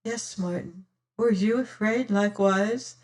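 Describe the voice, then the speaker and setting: A woman voicing a frightened, gentle young noblewoman who speaks softly and pleadingly. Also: medium pitch, unhurried, far from the mic, voice pushed up, natural voice. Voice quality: soft and hushed. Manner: timid, pleading.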